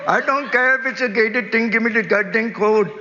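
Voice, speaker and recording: A man voicing an excitable male cab driver shouting over his radio, frantic and pleading. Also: extremely high pitch, moderate pace, in a large hall, muffled recording, very noisy, pitched above the performer's own voice. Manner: frantic, pleading, laughing through it.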